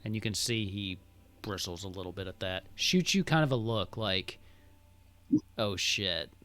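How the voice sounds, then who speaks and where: Lively man narrating a tabletop game. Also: on the low side, normal speed. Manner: lively, narrates with hesitant fillers. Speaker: game master.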